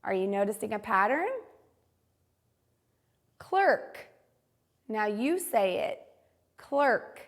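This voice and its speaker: A woman teaching a phonics lesson to young children, modeling each word carefully and slowly. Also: medium pitch, animated.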